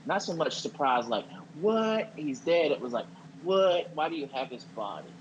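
A man playing a self-important small-town doctor who talks in a deadpan, halting way and blurts out acted-out quotes. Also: medium pitch, dull audio, slight background noise, close to an everyday voice. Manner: deadpan, halting, acts out quotes with sudden loud "What?". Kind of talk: improvised comedy character.

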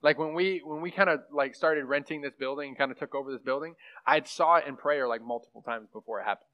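A young man preaches in a loose, chatty way, drifting through fillers and asides as he teaches. His voice sits a little high for a man. The recording sounds muffled and lo-fi. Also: fast talker. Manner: rambling, conversational, lots of fillers. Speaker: pastor teaching a class. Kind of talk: casual sermon teaching.

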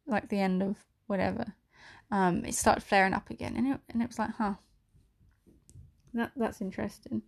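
A woman's voice: mid-range voice, vocal fry. A young woman hosting a solo podcast, talking candidly and emotionally with lots of "like" fillers and the odd swear word. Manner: rambling, many "like" fillers and swearing; emotional, voice near tears at times. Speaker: podcast host.

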